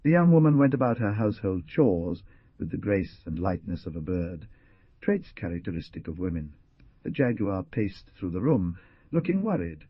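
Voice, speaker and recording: Husky male audiobook narrator. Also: low-pitched, big pitch swings, normal speed, no room sound, highs cut off. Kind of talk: scripted narration.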